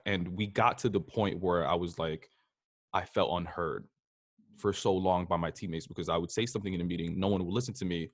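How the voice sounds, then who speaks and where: Brief: very low-voiced man, podcast host, reflective anecdotes, dry close sound. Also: fairly even intonation, fairly quick, no room sound. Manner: reflective, shares personal anecdotes with frequent fillers. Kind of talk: casual interview talk.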